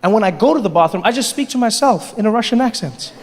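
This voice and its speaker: A man doing a stand-up comedy set on a large theater stage, telling his story in an animated way, with sudden drops and jumps in his voice. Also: high voice, fast talker, slight background noise. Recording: live show in a reverberant hall.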